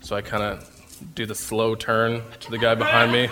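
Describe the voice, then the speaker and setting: A man's voice: fairly low pitch, monotone, moderate pace, background noise. A man telling a personal faith story, acting out scenes and laughing at himself as he goes. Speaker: speaker sharing a faith testimony.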